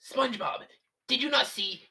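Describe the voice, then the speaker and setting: A woman voicing a grumpy adult male squid in a gruff, crusty way. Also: on the high side, expressive, moderate pace, pushed and bright, voice pushed up. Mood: scolding. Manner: gruff, sounds like a crusty sea captain.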